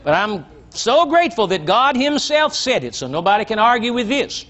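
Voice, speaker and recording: Older male pastor, very high lively voice, emphatic teaching sermon, muffled lo-fi tape. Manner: emphatic preacher, slow drawn-out scripture reading, asks the congregation questions. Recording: dull lo-fi sermon recording.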